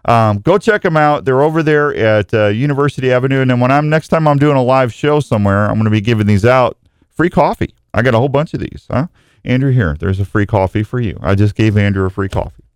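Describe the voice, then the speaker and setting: A man's voice: mid-range voice, quick pace, smooth, no room sound, studio quality. A male radio show host greeting listeners one by one in a jokey, rambling way, often tripping over his words. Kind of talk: live talk show with listener shout-outs.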